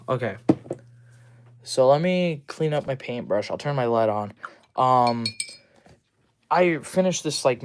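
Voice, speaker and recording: Young guy casually chatting on a stream at his workbench, rambly and quick. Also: medium pitch, a little hiss or hum. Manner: rambling, full of ums and restarts, fast talker. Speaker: livestream host. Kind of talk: casual livestream chat.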